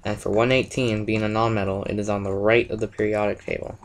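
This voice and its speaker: Low-voiced man methodically explaining science. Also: fast talker, slight background noise, rough recording. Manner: steady, methodical, step-by-step explaining. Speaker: presenter of a school science project. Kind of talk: reading a prepared explanation.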